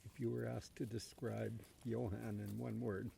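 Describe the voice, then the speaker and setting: Gravelly, very dark-voiced male guest. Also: lowish voice, level tone, normal speed, slight background noise. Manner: agreeable, frequent short affirmations. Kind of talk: casual conversation.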